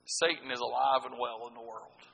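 A middle-aged man preaching a sermon, swinging from loud, punchy lines to hushed ones. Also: medium pitch, level tone, a little fast, vocal fry, husky, long reverb tail, low-quality recording. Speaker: pastor.

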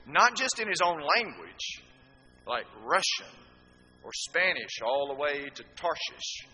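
Slow but very animated, a man with a sharp, higher-than-average voice preaches to his congregation. He leans on rhetorical questions and asides to the audience, captured in an echoey hall with faint noise behind.

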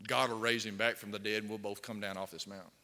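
A man's voice: lowish voice, fairly even intonation, fast talker, pushed and bright. Man, pastor, sermon, storytelling, long hall reverb. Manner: storytelling, asks the congregation questions.

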